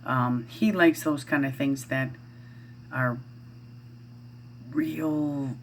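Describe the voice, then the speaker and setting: A woman's voice: very deep voice, extremely slow, a little hiss or hum. A middle-aged woman vlogging at home, chatting casually in a rambling way with lots of fillers and restarts. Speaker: parent vlogger. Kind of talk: casual chat to camera.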